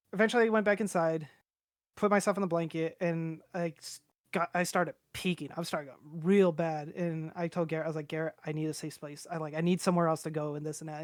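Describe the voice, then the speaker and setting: A man's voice: fairly high pitch, no room sound, studio quality. A young man telling a long personal story on a podcast in a casual, rambling way, swearing freely and acting out what everyone said. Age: young adult. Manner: rambling, profane, acts out quoted voices.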